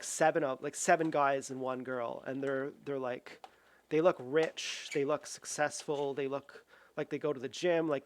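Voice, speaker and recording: Young guy rambling through a story while he cooks at home, kinda high voice, lots of likes and restarts. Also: slight background noise. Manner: rambling, full of "like" and restarts, acts out quoted voices. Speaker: vlogger.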